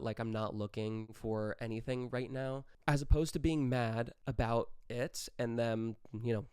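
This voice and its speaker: A young man hosting a casual solo podcast, talking animatedly and acting out quick quoted exchanges. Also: medium pitch, darkish tone, clear, resonant tone, dry recording, studio quality. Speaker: podcast host.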